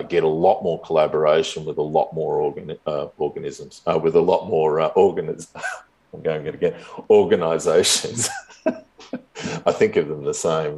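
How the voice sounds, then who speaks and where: A man's voice: a bass voice, darkish tone. A man in his fifties telling a long story in a casual, rambling way, chuckling often as a guest in an interview. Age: 50s.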